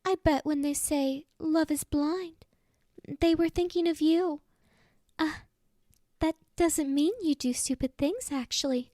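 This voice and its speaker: A woman voicing a cocky, capricious teenage girl mastermind in a fan audiobook, with a high-pitched voice that swings between bubbly and deadpan. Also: takes it slowly, dry recording, clean studio sound. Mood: teasing. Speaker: audiobook voice actor. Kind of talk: fan audiobook character reading.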